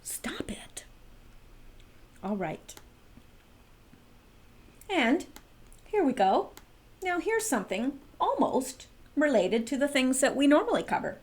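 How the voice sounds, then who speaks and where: A middle-aged woman hosting a trivia video, chatting with wry asides to viewers and pitch jumps for emphasis. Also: big pitch swings, a little slow, long pauses. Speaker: video host. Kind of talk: casual chat about trivia facts.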